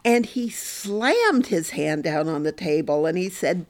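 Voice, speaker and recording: A woman's voice: lowish voice, lively intonation, unhurried, hardly any pauses. An older woman, a professor, telling her own story candidly and with animation as a podcast interview guest.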